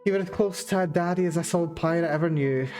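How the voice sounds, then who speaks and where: A gruff old pirate captain, put on by a woman, boasting in a thick Scottish accent and rough sailor dialect as he reads out his last journal. The voice sits a little low and rolls along at an easy pace. Faint music plays underneath. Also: fast talker, warm tone, natural voice. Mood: gruff boastful. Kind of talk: reading a game journal aloud in character.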